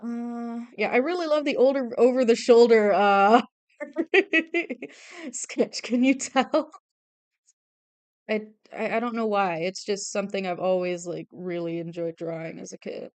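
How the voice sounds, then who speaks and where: A woman's voice: on the high side, a little slow, a little mellow, clean tone, dry recording. A young woman streaming her drawing, chatting casually in a rambling, self-deprecating way and laughing often. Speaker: streamer and artist. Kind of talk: casual chat while drawing.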